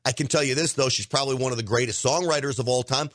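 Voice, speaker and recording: A man's voice: mid-range voice, fast talker, a bit bright, no echo, studio quality. A middle-aged man hosting a podcast, delivering an emphatic opinion monologue straight to his listeners. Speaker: podcast host.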